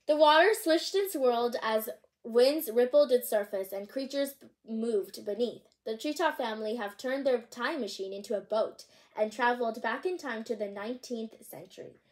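A woman's voice: a little high, normal speed. Bubbly woman reading storybooks aloud. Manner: chatty asides between read lines, bubbly; occasional stumbles over names. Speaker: channel host reading aloud. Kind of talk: reading picture books aloud.

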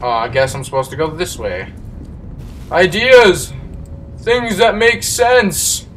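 A man talks through a horror game in a bright, slightly raised voice, slow in his delivery. He jumps and swears at whatever attacks him. He sits back from the mic, with faint game music behind him. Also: high voice, lively intonation, far from the mic, a little hiss or hum, rough recording. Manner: jumpy, swearing, yells at enemies. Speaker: let's play gamer.

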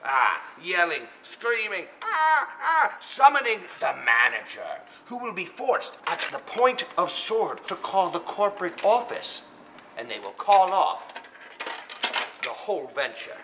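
Man doing a bombastic faire knight, pompous mock-olde speech, slow unhurried delivery, swooping lively pitch, noisy location recording. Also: exaggerated voice. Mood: scheming. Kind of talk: comic web series acting.

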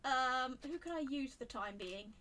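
A woman giving chatty live commentary while she plays a video game, talking to the game and rising into flustered high squeals. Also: lively intonation, normal speed, sharp tone, a little hiss or hum. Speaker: game streamer.

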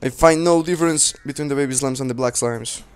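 A man's voice: medium pitch, fast talker, smooth. A young man giving rambling casual commentary while playing a game, talking to himself and swearing at enemies. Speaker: let's play host. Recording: faint game music behind.

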